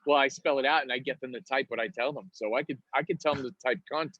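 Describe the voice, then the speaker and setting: New York comedian telling prank stories. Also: male voice, mid-range voice, quick pace, a bit bright, dry recording, highs cut off. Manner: acts out prank calls in put-on voices, laughs often. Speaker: comedian guest. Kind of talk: casual podcast interview, storytelling.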